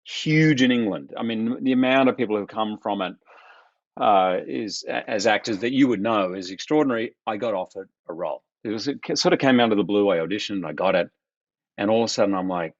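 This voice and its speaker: A man, animated as he tells personal stories in a podcast interview. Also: fairly low pitch, fast, no room sound, dull audio. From Australia. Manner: animated, acts out quoted voices of others. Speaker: guest. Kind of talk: reflective storytelling in conversation.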